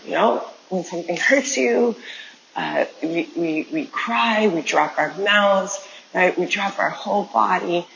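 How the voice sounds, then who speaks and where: A woman's voice: on the low side, measured pace, vocal fry, a bit bright, dull audio, a little hiss or hum. A woman teaching an online dance class, coaching movement step by step and counting out the beats. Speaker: dance instructor.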